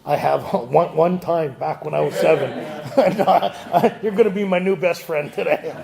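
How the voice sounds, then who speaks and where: A man with a high, gravelly voice leads a group study, firing questions at the room and teasing people with a laugh. He talks to a live audience in a meeting room. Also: takes it slowly, a crowd in the background. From Canada. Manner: quizzes the audience, joking and laughing. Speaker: AA speaker leading a Big Book study. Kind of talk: lively talk to a recovery group.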